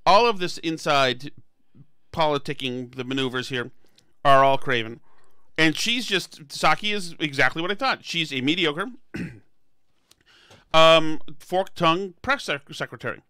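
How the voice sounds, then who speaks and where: A man's voice: on the high side, animated, measured pace, bright, forceful tone, smooth, no room sound. A man hosting a political podcast, talking emphatically and sarcastically, often restarting his phrases. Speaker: podcast host. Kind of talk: political commentary chat.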